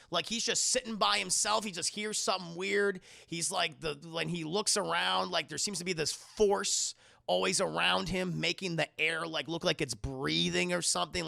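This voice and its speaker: Male streamer-reviewer, high gravelly voice, casual and profane, acts out scenes. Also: normal speed, sharp tone, no room sound, studio quality. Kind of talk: casual live-stream recap.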